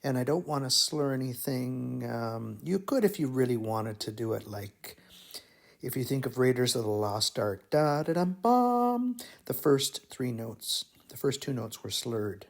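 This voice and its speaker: A man teaching melody writing in a slow, musing, think-aloud way, humming phrases as he explains. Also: medium pitch, creaky. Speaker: music teacher. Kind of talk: thinking-aloud composition tutorial.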